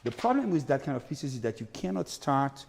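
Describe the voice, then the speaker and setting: A man's voice: medium pitch, sing-song, fairly quick, gravelly, a little hiss or hum. A man leads an opera master class, his voice rising and falling as he scats rhythms and sings phrases to the students. The talk rings out with a long hall reverb. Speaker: vocal coach.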